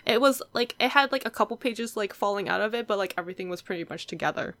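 A woman's voice: medium pitch, very fast, few pauses, no echo. A young adult woman chatting casually as a guest, telling stories with a laugh and acting out the voices of others. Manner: chatty storyteller, laughs often, acts out quoted voices. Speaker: guest collector. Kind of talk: casual chat.

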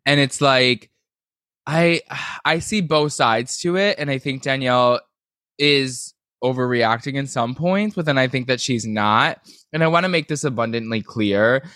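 A man's voice: mid-range voice, unhurried, sharp tone, no room sound, clean studio sound. A man co-hosting a podcast, chatting casually and animatedly, gossiping and swearing freely. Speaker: podcast co-host. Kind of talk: casual chat.

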